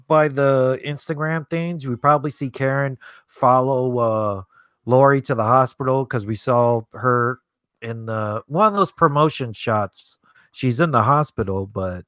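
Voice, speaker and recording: A man hosts a live movie watch-along stream, rambling loosely, swearing freely, and reading his chat aloud as he answers it. His mid-range voice has a fairly bright tone, and the sound is clean studio quality with no echo.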